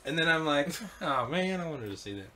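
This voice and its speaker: A man's voice: fairly high pitch, animated, a little fast, bright, forceful tone. A man casually telling a rambling story, laughing and swearing as he goes. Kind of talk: casual chat while gaming.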